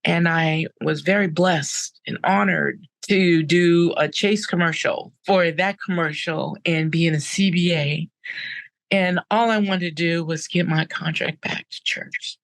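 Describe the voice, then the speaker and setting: A woman's voice: fairly low pitch, steady tone, unhurried, no echo. A woman guest in an interview, telling her story emphatically and repeating words for effect. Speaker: interview guest, balloon artist.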